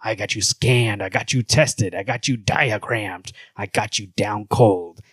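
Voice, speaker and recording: A man doing a low Batman growl. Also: a bit bright, breathy edge, dry recording. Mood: taunting. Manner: low slow growl, mocking read. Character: gruff brooding male superhero, taunting. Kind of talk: reading comic dialogue aloud.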